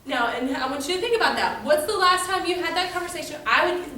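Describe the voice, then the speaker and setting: A woman's voice: high-pitched, animated, a little fast, background noise. A young woman giving a casual devotional talk to a youth group, chatty, with lots of fillers as she tells stories. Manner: chatty, filler-heavy storytelling. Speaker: youth speaker. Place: room with a youth audience. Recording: very echoey room from far off.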